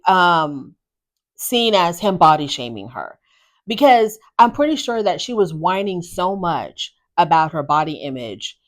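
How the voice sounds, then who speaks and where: Woman host, lower register, for a blunt, opinionated reality-show recap. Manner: gossipy, blunt, chatty.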